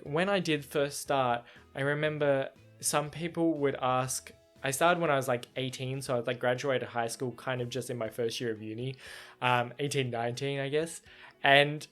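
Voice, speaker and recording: A young man with a somewhat feminine voice, hosting a solo podcast in animated casual chat. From Australia. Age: young adult. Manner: animated storytelling, frequent laughs, jumps into high-pitched acted quotes. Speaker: podcast host.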